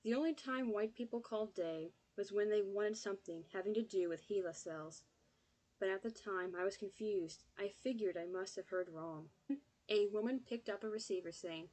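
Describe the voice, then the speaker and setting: A woman reading an audiobook in steady, scripted narration. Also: mid-range voice, moderate pace, rough recording.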